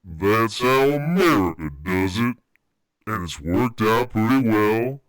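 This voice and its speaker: A gruff, old-fashioned dad, as a man puts him on, speaking in a slow, proud drawl. The voice is low and smooth, and it rises and falls broadly. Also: expressive, no room sound.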